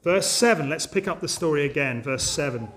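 High-voiced man preaching an Easter sermon. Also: animated, brisk, fairly bright tone. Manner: earnest, emphatic, addresses listeners directly. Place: church service.

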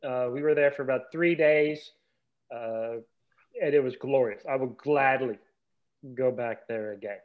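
A man's voice: mid-range voice, a little slow. Self-deprecating man, dull lo-fi mic. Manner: self-deprecating, dry anecdotes. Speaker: podcast guest. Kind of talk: casual chat.

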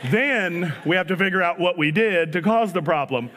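A man, preaching an animated sermon and acting out little dialogues with repeated phrases. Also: high-pitched, moderate pace. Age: 40s. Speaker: pastor. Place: church sanctuary. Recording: church hall with long reverb.

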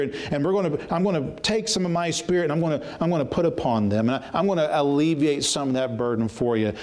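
A man's voice: on the high side, a little mellow. A man preaching a sermon as pastor, reading scripture aloud and then retelling it in plain, earnest words. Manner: reads scripture aloud in King James wording, then paraphrases it plainly; earnest, with frequent repeated starts.

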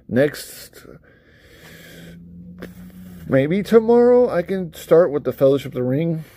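A man's voice: lowish voice, dark tone, dry recording. A man talking casually to camera as a vlogger, rambling and swearing freely, with frequent laughs between thoughts. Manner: rambling and profane, with frequent laughs and acted-out asides. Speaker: vlogger reviewing books and films; parent of a young child. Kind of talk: casual unscripted chat to camera.

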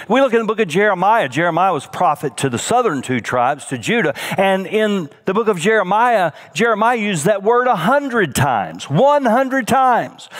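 Middle-aged male pastor, high-ish voice, dynamic sermon delivery with loud peaks and hushed drops. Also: very animated, unhurried. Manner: dynamic preaching, swinging from emphatic highs to soft, hushed lows. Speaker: senior pastor.

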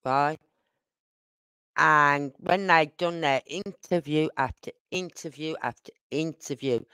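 A YouTuber delivers live-stream commentary in a smooth, clean voice. The speaker presses each point with rhetorical questions and repetition, and now and then apologizes for rushing. The sound is close and dry, with no room echo. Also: mid-range voice, fairly bright tone. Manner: apologetic about talking fast.

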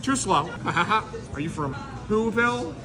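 A man's voice: high voice, expressive, takes it slowly. Man playing a cocky, crude Grinch. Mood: cocky flirty. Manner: brash, joking, loud. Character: crude flirty male Grinch, cocky and teasing. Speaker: comedian in costume. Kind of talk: improvised public comedy skit.

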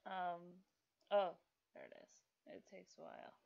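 A woman's voice: lowish voice, flat delivery, unhurried, creaky, darkish tone, clear, resonant tone, highs cut off. A woman casually commenting on her own gameplay, rambling with lots of fillers and scolding the game characters aloud. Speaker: gaming video host.

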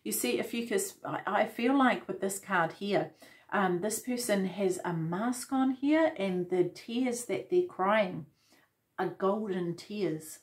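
A woman giving a casual tarot reading, gentle and reflective, with many fillers and restarts. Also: mid-range voice, slow pace. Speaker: tarot reader.

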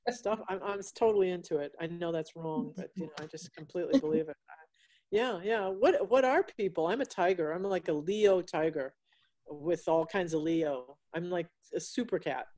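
A woman's voice: fairly low pitch, normal speed, mellow. A woman author chatting effusively with guests over a video call from her home. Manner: effusive, gushing over pets. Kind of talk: casual chat on a video call. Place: at home, alone.

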